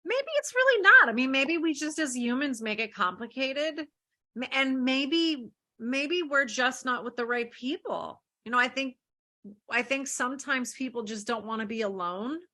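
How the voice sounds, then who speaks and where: A woman's voice: on the high side, sharp tone. A middle-aged woman, a divorce lawyer, answering interview questions earnestly, often posing rhetorical questions.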